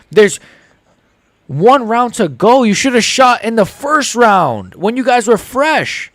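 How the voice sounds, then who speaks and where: Young male fight-channel host, angry live reaction rant, lively swinging pitch, close dry sound. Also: takes it slowly, no room sound. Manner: heated, ranting, swearing.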